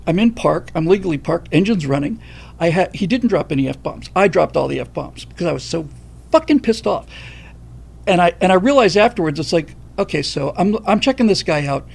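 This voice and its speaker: A man with a husky, gravelly voice pitched fairly high tells a personal story on his livestream. His delivery is animated and full of profanity. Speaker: livestream host.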